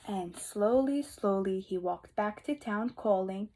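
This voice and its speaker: Breathy woman reading a picture book. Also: medium pitch, unhurried, few pauses, rough recording. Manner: expressive, asks the children questions, drops to a whisper for asides. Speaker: kindergarten teacher. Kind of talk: children's picture book read-aloud.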